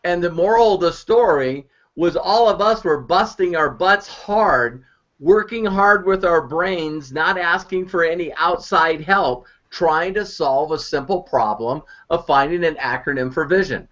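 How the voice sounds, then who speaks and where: A man telling an animated story as an online marketing mentor on a live video call, repeating words as he goes. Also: on the high side, a little slow. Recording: muffled video call audio.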